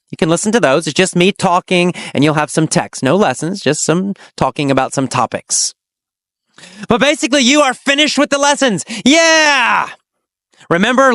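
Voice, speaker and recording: A man teaching an English lesson, telling a story slowly with exaggerated, animated delivery and shouted quotes. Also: high-pitched, no room sound, studio quality.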